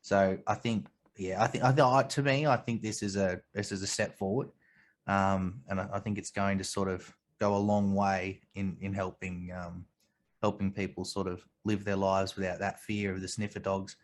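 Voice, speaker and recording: A man's voice: low voice, little pitch movement, normal speed. An Australian man hosting a podcast in casual chat, rambling and restarting his thoughts as he goes. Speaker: podcast host.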